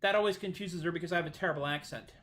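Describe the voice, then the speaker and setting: His voice is a little high and racing as he banters between songs on his home livestream music show. Goofy, rambling and self-deprecating, he talks over acoustic guitar playing in the background.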